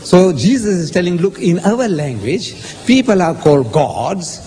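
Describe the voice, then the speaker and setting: A man arguing his case in a public religious debate, animated and lecturing, acting out the lines he quotes. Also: high voice, a little slow. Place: debate hall. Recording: echoey hall, faint background noise.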